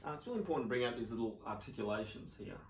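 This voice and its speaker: A man giving a relaxed piano lesson, explaining casually with fillers and sometimes singing rhythms in syllables. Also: medium pitch, racing. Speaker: piano teacher. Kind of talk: relaxed spoken piano tutorial. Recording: roomy sound with loud piano. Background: piano playing.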